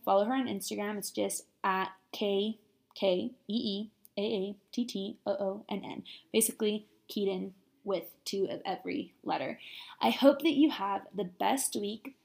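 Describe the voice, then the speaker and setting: A woman's voice: mid-range voice, vocal fry, darkish tone. A young woman in her twenties hosting a podcast, chatting in an upbeat, casual way and using "like" a lot. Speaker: podcast host.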